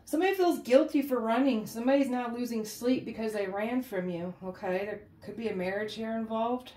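A woman's voice: on the high side, brisk, dark tone, a little hiss or hum. Chatty woman tarot reader, echoey room. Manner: chatty, often ends phrases with "okay?" and "guys". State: emotionally shaken, holding back tears. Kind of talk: casual tarot reading to camera. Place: indoors at home, with a cat nearby.

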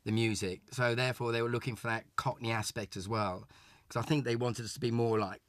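This older man from England once acted on a children's show and now chats as an interview guest, looping back and restarting as he reminisces. He speaks a little fast in a steady, mid-range voice, and there's no echo.

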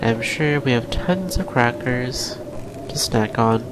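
A man's voice: medium pitch, lively intonation, slow, background noise. A tired young man talking to himself casually as he plays a survival game, with sighs and nervous little laughs. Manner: mumbled self-talk with sighs and nervous laughs. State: tired, drained late at night. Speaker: gaming channel host. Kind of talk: casual let's-play commentary.

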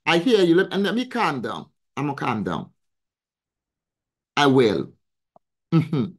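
A woman's voice: sits low, huge pitch swings, slow. A woman hosting a weekly live coaching stream, talking in an emphatic, preacherly way, repeating phrases and answering viewers in the chat. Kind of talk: motivational live-stream talk.

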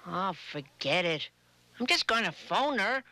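A shy caller who cant think what to say, slow and stammery, bright voice. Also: female voice, mid-range voice, big pitch swings, slight background noise, exaggerated voice. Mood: flustered. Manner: hesitant, stammering. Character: shy young caller stuck for words.

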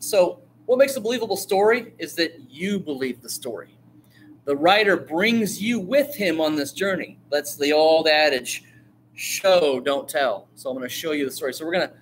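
A man teaching a class on storytelling, talking in a lively way, asking the class questions and acting out lines. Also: on the high side, slight background noise. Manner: animated, asks the class questions, acts out quotes. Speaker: writing teacher.

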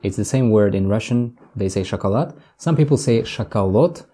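A man's voice: fairly low pitch, expressive, warm tone, slightly rough. A man from northern Tajikistan with a Tajik accent, patiently teaching words in a casual language lesson and repeating each one. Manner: patient, explains slowly with examples and repeats words.

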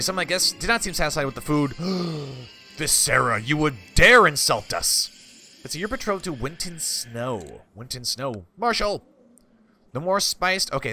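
A man's voice: medium pitch, sharp tone. A man hosting a let's play, reading game text aloud in a mock-regal tone between wry, offhand asides. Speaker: gaming channel host.

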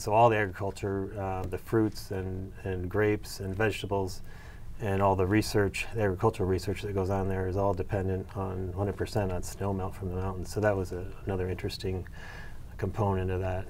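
In a lowish voice with a slight hiss or hum in the audio, a middle-aged man answers interview questions about his research. He is a soybean breeder and agronomy professor, and he speaks hesitantly, with many fillers and restarts.

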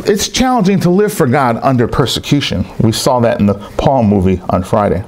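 A man's voice: medium pitch, fast talker, hardly any pauses. A man preaching a sermon as pastor, telling stories and acting out the voices of the people in them. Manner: animated storytelling preacher, acting out quoted voices. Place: church service in a rented hall.

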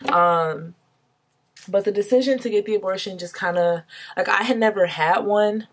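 A woman's voice: mid-range voice, normal speed. A young woman telling a personal story to her camera, candid and emotional, casual and swearing freely. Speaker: vlogger.

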